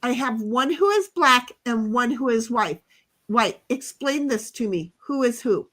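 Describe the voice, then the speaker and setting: A woman's voice: on the high side, lively intonation, measured pace, fairly bright tone. A woman co-hosting a casual livestream chat, ranting bluntly and swearing freely. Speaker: livestream co-host.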